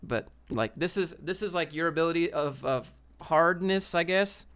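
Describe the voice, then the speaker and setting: A man's voice: a little high, moderate pace, fairly bright tone, smooth. A man hosting a casual livestream, reading chat questions aloud and answering in a rambling, joking way.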